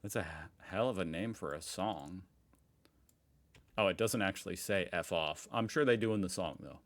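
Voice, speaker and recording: A man's voice: low voice, normal speed. Chatty American man reacting casually. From United States. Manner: chatty, curious, easily amused. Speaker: reaction video host.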